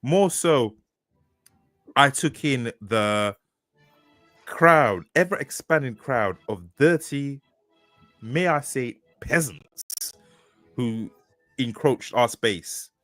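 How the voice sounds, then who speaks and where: A man's voice: mid-range voice, expressive, drawn-out words, pauses often, a bit bright, dry recording, studio quality, faint music behind. A man, an author co-hosting a podcast, narrating an improvised story with crude jokes and laughing asides.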